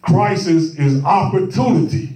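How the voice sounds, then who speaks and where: A man preaches a sermon in a church, emphatic and repetitive, restarting his phrases as he builds. His voice sits high for a man. The sound is roomy and picked up from a distance. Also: a little slow, dark tone. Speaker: pastor.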